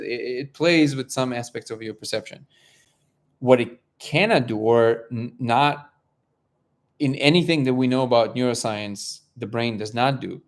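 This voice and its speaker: A man hosting a casual live-stream talk, speaking haltingly with many restarts and fillers. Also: medium pitch. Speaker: host of a live discussion stream.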